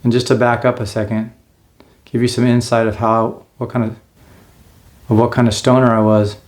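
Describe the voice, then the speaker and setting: A man's voice: medium pitch, flat delivery, normal speed, a little mellow. A man in his forties telling his own life story in a casual, earnest way, now and then acting out what he said back then. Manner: earnest, acts out his own past lines.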